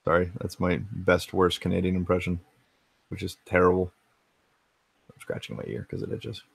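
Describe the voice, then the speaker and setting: A man's voice: low voice, monotone, moderate pace, vocal fry, slightly rough, dry recording. An American man hosting a casual retro gaming livestream from his home game room, laid-back and rambling, swearing freely as he answers chat. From United States.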